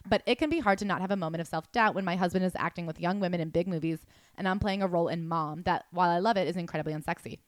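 A woman co-hosting a podcast in casual chat, jokey and animated, often reading quotes aloud. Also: lowish voice, rapid-fire, dry recording. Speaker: podcast co-host.

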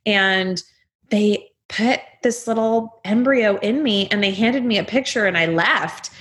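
Female guest, casual chatty storyteller, animated and dramatic, acts out the dialogue she quotes. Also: mid-range voice, measured pace. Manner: animated, chatty, leans heavily on "like". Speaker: guest telling a personal story.

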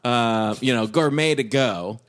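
A man's voice: mid-range voice, a little slow, a bit bright. A man in his thirties co-hosting a podcast, joking loosely and swearing freely in casual banter. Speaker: podcast co-host.

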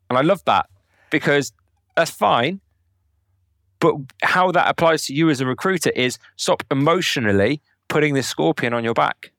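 A man's voice: fairly high pitch, fairly bright tone, no echo. A man as a podcast guest, explaining at length with examples in a conversational interview. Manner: rapid, explanatory, lecturing with examples.

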